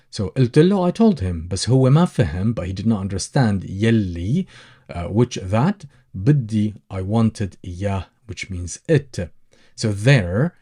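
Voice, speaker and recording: A male Arabic tutor with a Levantine accent walks through example sentences slowly, pausing often with fillers as he explains. His voice sits low and mellow, with a soft husky grain. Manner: slow, explains step by step with many uh fillers. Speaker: Arabic teacher. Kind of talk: language lesson explanation.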